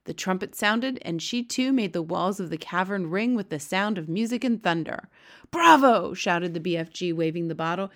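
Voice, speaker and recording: A woman narrating a children's storybook aloud in a steady, expressive read-aloud manner. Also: lowish voice, moderate pace, few pauses. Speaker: audiobook reader.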